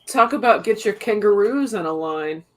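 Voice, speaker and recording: A woman's voice: mid-range voice, expressive, moderate pace. Chatty older woman guest. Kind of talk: casual chat.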